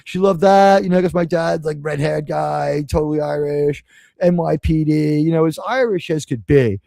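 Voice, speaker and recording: A man from New hosts a live stream in a loose, rambling way. He swears freely and turns sarcastic, and his voice sits fairly high for a man. The sound is close and dry, with no room around it. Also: steady tone, normal speed, vocal fry, dark tone, no echo. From New York City. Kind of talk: casual live-stream rant.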